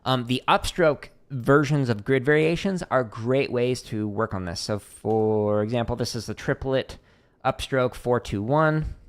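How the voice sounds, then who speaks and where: A man from Arizona teaching drumming on a casual livestream, talking in a relaxed, rambling way with lots of fillers. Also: medium pitch, a little slow, smooth. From Arizona, USA. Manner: relaxed, chatty, many fillers, counts strokes aloud. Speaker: drum teacher streaming Q&A.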